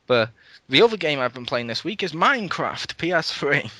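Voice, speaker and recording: The host of a laid-back gaming podcast has a slightly high voice and talks at a normal speed in a dry recording. He gets excitable, laughs frequently, and curses casually.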